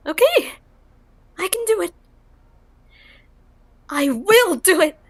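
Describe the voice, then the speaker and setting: A woman's voice: sits high, lively intonation, takes it slowly, dry recording, exaggerated voice. A woman voicing a timid, anxious young female writer who stammers and mumbles. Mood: eager. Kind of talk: fan voice acting of a visual novel.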